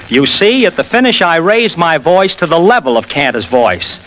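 A man guests as an impressionist on a 1940s radio interview, joking as he explains his craft. His voice sits fairly high and moves in a lively way. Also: moderate pace, few pauses, rough recording. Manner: jokey, explanatory.

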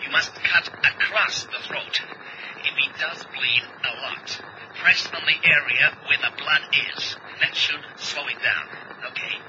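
An actor playing a steady man who gives urgent, measured orders, in old radio drama style. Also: a little high, natural voice. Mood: commanding. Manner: firm, commanding, measured. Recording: dull old recording with loud hiss.

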